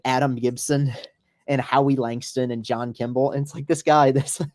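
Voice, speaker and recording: A podcast host chats loosely over a live baseball game, throwing in profane, rambling asides. His voice is medium in pitch and a little mellow.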